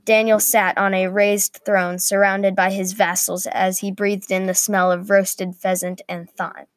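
A woman reading a medieval adventure story aloud at a middle pitch, steady but with small slips. The sound is dry and close, with no room around it. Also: a little slow, no echo.

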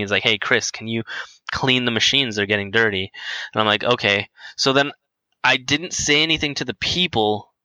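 A man's voice: lowish voice, pushed and bright, smooth, no room sound, rough recording. A young man telling a casual story in a rambling way, full of fillers and restarts.

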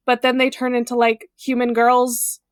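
A woman's voice: on the high side, monotone, normal speed, clean tone, no echo, clean studio sound. A woman co-hosting a podcast in casual chat, rambling and swearing as she tells a story. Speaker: podcast co-host.

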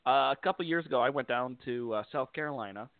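A man from upstate New York hosting a podcast, telling a story in an easygoing, animated way. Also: mid-range voice, quick pace, creaky, no echo. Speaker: podcast host. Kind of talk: casual chat, storytelling. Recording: dry, tinny phone-like line.

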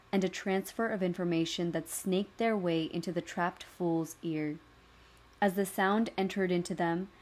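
A woman storyteller reading a dark science-fiction tale in a calm, measured way. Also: fairly low pitch. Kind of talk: scripted narration.

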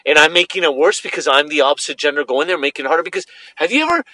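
A young man co-hosting a podcast, telling a funny story in an animated, joking way. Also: on the high side, racing, low-quality recording. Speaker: podcast co-host. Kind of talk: casual chat, storytelling.

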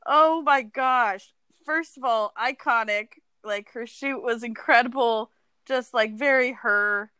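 A high-pitched woman co-hosting a casual podcast, speaking slowly and drawing out her words. She gushes and giggles a lot. Her voice is dry and close to the mic. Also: sharp tone, smooth, no room sound. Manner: giggly, gushing, often laughing. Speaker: podcast co-host. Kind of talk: casual chat.

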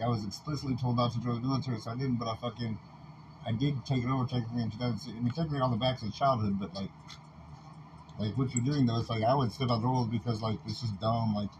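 A man delivering a rambling, agitated, profanity-filled monologue as a podcast host, talking in long runs broken by constant fillers. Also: medium pitch. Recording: muffled lo-fi recording with faint background noise.

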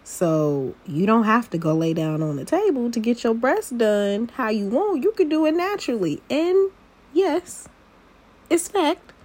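A woman's voice: on the high side, animated, unhurried, darkish tone. A young adult woman hosting a personal podcast, chatty and confiding as she talks straight to her listeners. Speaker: podcast host. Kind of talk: casual personal podcast talk.

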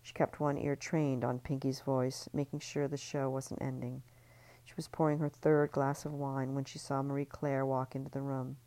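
Very deep-voiced woman reading a novel. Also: dry recording. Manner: calm, measured, occasional restarts. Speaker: author reading her novel. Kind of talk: audiobook-style novel reading.

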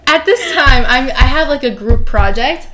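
A young woman in her twenties, co-hosting a casual chat and telling stories in an animated, laughing way. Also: sits high, moderate pace, a crowd in the background. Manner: animated, laughing, acts out quotes. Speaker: podcast co-host.

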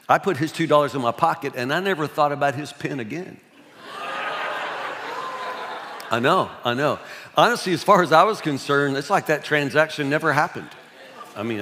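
A man's voice: mid-range voice, fairly bright tone. A man, preaching a sermon in a folksy, self-mocking storytelling way. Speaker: pastor. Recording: long hall reverb.

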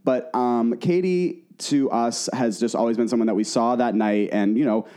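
A man co-hosting a podcast in casual chat, chatty and excitable. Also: medium pitch, normal speed, clear, resonant tone. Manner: chatty, excitable, full of fillers. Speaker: podcast co-host.

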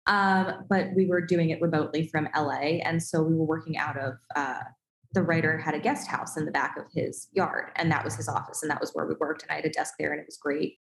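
Woman on a podcast, lowish voice, animated self-deprecating storytelling, roomy echo. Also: fairly quick, creaky. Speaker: podcast co-host telling a story. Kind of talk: casual storytelling chat. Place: Los Angeles.

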